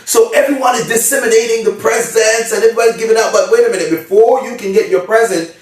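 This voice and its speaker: A man's voice: high voice, steady tone, quick pace, soft background music. A man giving an emphatic motivational seminar talk, often checking in with his audience. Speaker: motivational speaker. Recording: very echoey room, far from mic.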